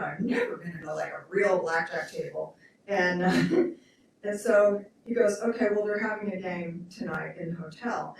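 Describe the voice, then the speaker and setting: A woman shares fond stories at a memorial, chatty and quick to laugh. Her voice is close to tears at moments. It comes from some way off the mic in a very echoey hall. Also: medium pitch, recorded from a distance, a little hiss or hum. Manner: chatty, laughing, emotional storytelling. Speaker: memorial speaker. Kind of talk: spoken remembrance at a memorial event.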